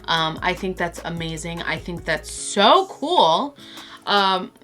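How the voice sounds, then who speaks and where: A woman from Brazil chatting excitedly to camera as a vlogger and stumbling over words. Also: lowish voice, takes it slowly, faint music behind. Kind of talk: casual chat to camera.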